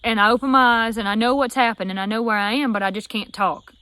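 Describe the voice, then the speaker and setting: A woman's voice: a little high, fast, dry recording. A young woman with a Southern US accent telling a story casually, acting out the voices she quotes. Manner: animated, acts out quoted voices. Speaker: vlogger.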